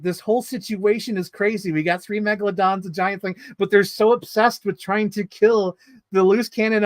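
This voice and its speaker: Excitable rambling man reviewing movies. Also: sits high, no room sound, studio quality. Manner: excitable rambling storytelling with swearing and fillers. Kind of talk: casual movie review vlog.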